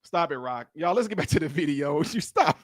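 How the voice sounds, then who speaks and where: A high-pitched man talks straight into a dry, close mic, teasing and animated as he comments on a clip. He repeats his lines for effect and keeps the banter going. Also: brisk, no echo. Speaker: video commentator. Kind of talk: reaction commentary.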